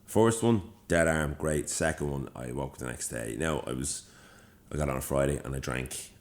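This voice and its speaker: Deep-voiced Dublin man telling stories. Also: moderate pace. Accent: Dublin Irish. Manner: animated, sweary, acts out dialogue. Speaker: podcast co-host. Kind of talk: casual chat, storytelling.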